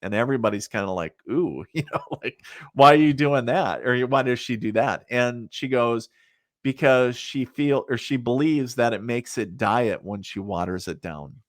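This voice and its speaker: Here a middle-aged psychic medium chats as a podcast guest, his mid-range voice moving at a normal speed. His storytelling is rambling and filler-heavy, and he laughs at his own anecdotes. It's a studio-quality recording without room sound.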